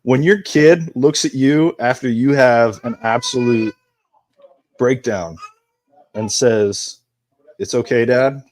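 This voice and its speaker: A man's voice: mid-range voice, takes it slowly, pauses often, dry recording. A man on a podcast as a guest, talking openly and candidly in casual chat. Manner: open, candid storytelling.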